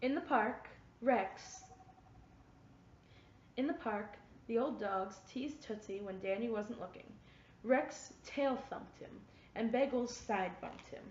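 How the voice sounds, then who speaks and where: A woman reading a children's picture book aloud with expressive storytelling. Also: on the high side, slow pace. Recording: echoey room, far from mic, dull, faint noise.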